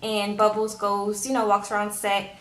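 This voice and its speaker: A woman's voice: mid-range voice, monotone, moderate pace. Chatty woman in an echoey room. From Louisiana. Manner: chatty and sassy, acts out characters' lines. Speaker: TV recap vlogger. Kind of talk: casual chat recapping a TV episode.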